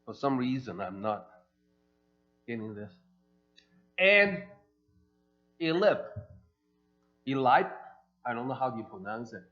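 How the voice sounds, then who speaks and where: Man preaching, lively rise and fall, slow deliberate delivery, dull lo-fi sound, faint music behind. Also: mid-range voice. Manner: animated, acts out quoted characters. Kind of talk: sermon storytelling. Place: church sanctuary.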